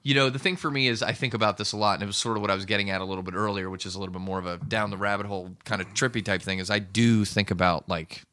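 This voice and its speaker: A man's voice: lowish voice, very fast, few pauses, no echo. A man in his thirties from Pittsburgh, a podcast guest rambling through stories and swearing freely in casual chat. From Pittsburgh, USA. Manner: rambling, animated storyteller who swears freely. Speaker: podcast guest, producer and comedian.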